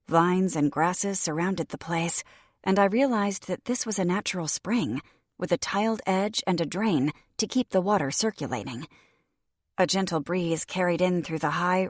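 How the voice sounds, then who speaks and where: A woman narrating a fantasy audiobook in the first person, in a measured, even reading. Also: fairly low pitch, dry recording, studio quality. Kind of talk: scripted narration.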